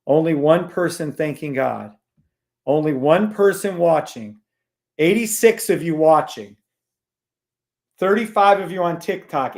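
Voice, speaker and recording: A man hosting a live trading stream, gruff and blunt, swearing and scolding his viewers while he calls out trades. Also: a little high.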